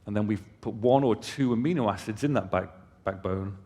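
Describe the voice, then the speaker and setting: A company presenter, male, gives a conference talk from a hall stage, speaking a little fast in a relaxed, conversational manner and tossing off casual asides to the crowd. His voice sits slightly low, and a long hall reverb trails each phrase.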